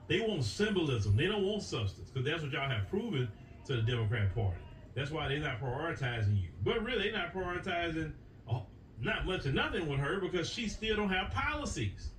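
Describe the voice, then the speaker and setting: A man's voice: fairly high pitch, lively intonation, moderate pace, fairly bright tone, distant mic. An American man hosting a political commentary show, delivering an opinion monologue to viewers in an emphatic, repetitive style that drives his points home. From United States. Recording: echoey room, voice away from the mic, faint noise.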